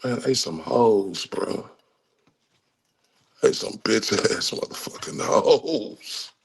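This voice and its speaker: A man's voice: lowish voice, expressive, slow pace, creaky, slightly rough. A man with a Texan accent giving angry, profane true-crime commentary and talking straight to his viewers. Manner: angry, cursing, talks to viewers.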